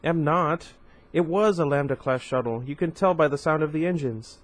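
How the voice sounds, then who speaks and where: An eager, defiant little boy with a slight lisp, his voice lifting a little higher than plain talk, as a man reading aloud puts him on. He reads as a storybook figure in a simple home reading. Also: normal speed, natural voice. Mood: excited.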